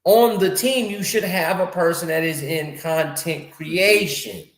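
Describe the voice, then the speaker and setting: A man with a fairly high voice hosts a loose, animated chat, leaning on slang and circling back on his own phrases. The room has a clear echo around him. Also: a little slow. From North America. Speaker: podcast host. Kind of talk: casual conversation. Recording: echoey room.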